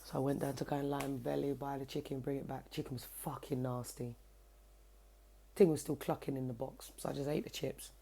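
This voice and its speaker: A young woman, telling a story to camera in a casual, cheeky, animated way, swearing freely, at home. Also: rumbling low, a little fast, gravelly, breathy edge. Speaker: vlogger. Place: at home, indoors by her kitchen window.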